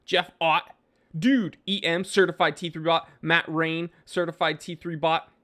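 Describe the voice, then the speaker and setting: Chatty, animated man hosting a live stream. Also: a little high, a little slow. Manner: animated, reads viewer names aloud, frequent fillers and restarts. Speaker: livestream host answering chat. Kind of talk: casual live chat. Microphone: microphone he sometimes bumps.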